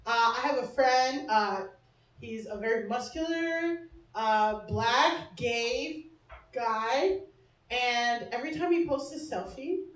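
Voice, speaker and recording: A woman's voice: a little high, slow, fairly bright tone. A young woman hosting a comedy show and doing a stand-up set, brash and self-mocking, swearing freely and laughing often. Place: small comedy bar stage. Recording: echoey club, mic heard from a distance.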